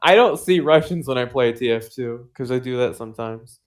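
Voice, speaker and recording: A man chatting casually on a podcast in a middle-pitched voice. He rambles, drops lots of "like" and "um" and swears freely, breaking into laughs along the way. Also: brisk. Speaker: podcast co-host.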